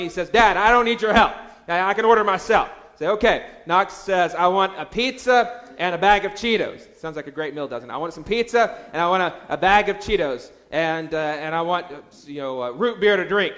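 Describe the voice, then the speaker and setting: A man's voice: high voice, fairly bright tone. A man in his thirties, a pastor, preaching a sermon in a chatty storytelling way, with frequent fillers and restarts.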